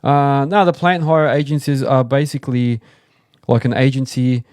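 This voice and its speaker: This Australian excavation business owner has a mid-range, clear and resonant voice, recorded at studio quality with no room sound, and talks at a normal speed. Hosting his live stream, he casually tells rambling, filler-laden stories about starting the business and plays out the voices of people he quotes.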